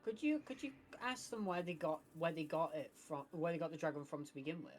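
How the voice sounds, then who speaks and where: A woman's voice: sits low, quick pace, slight background noise. A woman at a tabletop game table, talking earnestly and asking questions. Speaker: player. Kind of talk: casual tabletop play.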